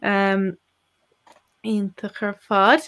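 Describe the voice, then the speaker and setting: A woman's voice: mid-range voice, little pitch movement, drawn-out words, fairly bright tone. A woman co-hosting a live-stream language Q&A, explaining at length with frequent fillers and restarts. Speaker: co-host and Irish language teacher.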